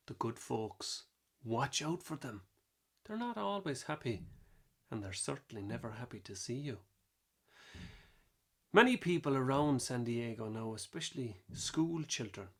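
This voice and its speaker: A man's voice: medium pitch, gravelly. Cork Irish man telling folk tales. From Ireland, Cork. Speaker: singer and storyteller. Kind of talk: folksy storytelling between songs.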